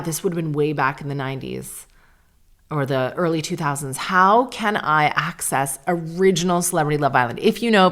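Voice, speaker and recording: Low-voiced woman, chatty and sarcastic. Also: a bit bright. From Canada. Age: 40s. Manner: candid, chatty, sarcastic asides. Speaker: podcast host. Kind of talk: casual solo podcast chat.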